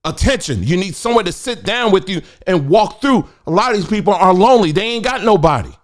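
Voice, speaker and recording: A middle-aged man, hosting a casual livestream and talking in an animated, preachy, colloquial way. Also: high voice, fairly quick. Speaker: host.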